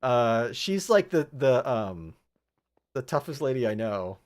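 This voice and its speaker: A man's voice: medium pitch, very animated, slow pace. A man streaming a video game from home, chatting casually and thinking aloud with many fillers. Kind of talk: casual gameplay chat.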